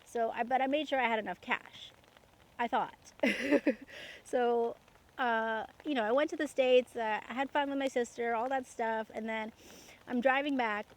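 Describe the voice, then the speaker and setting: A woman's voice: a little high, fairly even intonation, normal speed. A young woman from Canada telling personal stories in a casual, chatty way, laughing often and using lots of fillers. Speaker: podcast host. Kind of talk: casual storytelling monologue.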